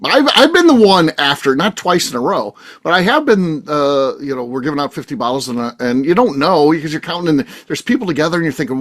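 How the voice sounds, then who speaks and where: A man hosting a casual chat show, his pitch swinging widely as he tells a story. He rambles and restarts often, filling gaps with "uh." He is heard over a video call. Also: animated, fast, hardly any pauses. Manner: rambling storyteller with many fillers. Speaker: podcast host.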